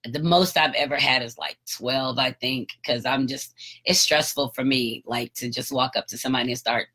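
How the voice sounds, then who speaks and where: A woman hosting her own podcast, telling a story in a candid, casual way, swearing freely and getting animated as she retells an argument. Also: very deep voice, normal speed, slightly rough. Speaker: podcast host and author.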